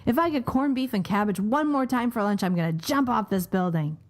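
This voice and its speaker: A woman's voice: fairly high pitch, brisk, voice pushed up, natural voice. A woman voicing a fed-up male construction worker who complains in a told joke. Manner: exasperated complaining.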